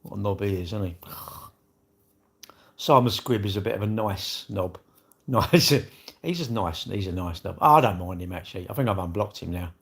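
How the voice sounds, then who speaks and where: A man's voice: low-pitched, lively intonation, normal speed, vocal fry, pauses often, slightly rough. A man chatting on a casual livestream, rambling and joking about himself and greeting viewers. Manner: rambling, jokey and self-mocking, with asides to viewers. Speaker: livestream host. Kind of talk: casual live-stream chat.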